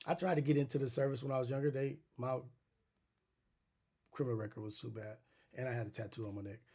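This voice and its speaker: A man's voice: medium pitch, fairly even intonation, fast, warm tone, husky. A middle-aged man hosting a podcast, telling stories in a loose, profane, rambling way with many restarts. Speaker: podcast host. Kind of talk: casual storytelling monologue.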